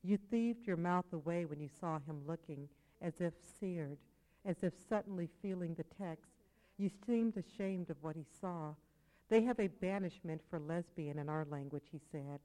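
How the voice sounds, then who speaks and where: A woman poet giving a live reading of her own work, with measured delivery and quiet, dropped asides. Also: on the low side, rough recording. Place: poetry venue with audience.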